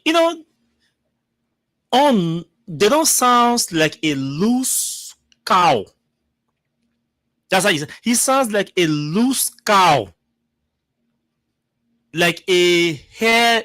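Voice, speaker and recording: Mocking radio host. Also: male voice, high-pitched, lively intonation, extremely slow, pauses often, sharp tone, dry recording. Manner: mocking, argumentative, repeats words. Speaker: radio talk show host. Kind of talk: radio commentary.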